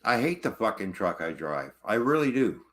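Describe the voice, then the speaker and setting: A man's voice: on the low side, very animated, moderate pace, fairly bright tone. A truck driver ranting angrily about his truck, swearing constantly in casual livestream talk.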